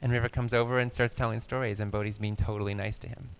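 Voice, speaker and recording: A man in his thirties telling a personal story on stage, calm and gentle, with quiet stretches. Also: mid-range voice, fast talker, vocal fry, clean tone, long reverb tail. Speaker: guest speaker.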